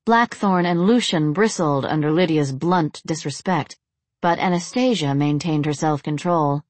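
A woman narrating a dark fantasy story in a measured, expressive way. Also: deep voice, dry recording.

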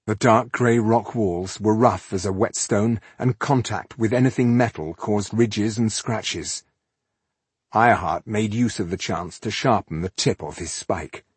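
A man narrating a fantasy audiobook in a measured, even storytelling manner. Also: fairly low pitch, husky, dry recording.

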